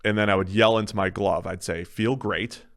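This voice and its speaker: A man hosts a podcast with loose, casual banter. His voice sits a little low, and he tells his stories in an easygoing way, often chuckling through them. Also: steady tone, fast, gravelly, a bit bright, clean tone. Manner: laughs through his own anecdotes. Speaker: podcast host.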